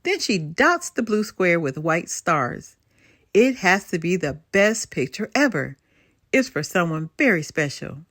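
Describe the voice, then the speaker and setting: An older woman reading a bedtime story aloud to children in an expressive, lilting way. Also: on the low side, a little slow, dry recording, clean studio sound.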